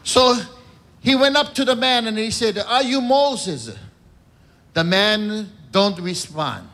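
A man with a high, bright voice works through his jokes in character as a churchman. He takes his time and lets each line land before he goes on. The delivery is a stand-up routine, built on pauses before each punchline. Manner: slow, deliberate joke delivery with punchline pauses. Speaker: comedian in a cardinal persona. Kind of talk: stand-up joke telling.

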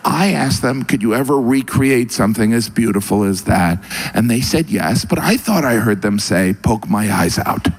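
A man performing a stand-up comedy routine on stage in a wry, deadpan storytelling manner. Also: moderate pace. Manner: wry, deadpan storytelling with sudden high-pitched asides.

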